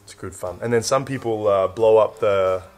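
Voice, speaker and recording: A young Australian man with an Australian accent, casually explaining slang in a relaxed drawl. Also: lowish voice, normal speed, faint music behind. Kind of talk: casual explainer in a played clip.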